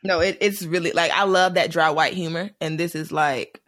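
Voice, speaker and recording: A man hosting a casual podcast, an animated storyteller who laughs often. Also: fairly high pitch, moderate pace, dry recording, studio quality. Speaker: podcast host.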